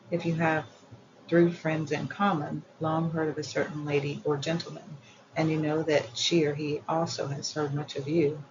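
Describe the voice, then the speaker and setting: Woman reading with a gravelly edge. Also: low voice, muffled recording, noisy background. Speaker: audiobook reader. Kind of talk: reading an old etiquette book aloud.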